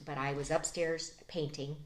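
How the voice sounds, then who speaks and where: A middle-aged woman giving an emotional personal testimony as an interview guest, soft-spoken and halting, with many pauses and restarts. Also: low voice, little pitch movement.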